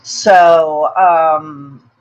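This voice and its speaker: A woman's voice: low-pitched, fairly even intonation, extremely slow, muffled recording. A woman hosting a motivational webinar, talking in an earnest, personal way, often repeating words and checking in with "okay?". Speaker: webinar host.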